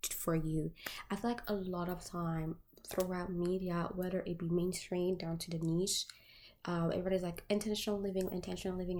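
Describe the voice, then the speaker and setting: A woman's voice: lowish voice, dark tone. A woman tarot reader chatting casually to her viewers, candid and profane, full of filler words.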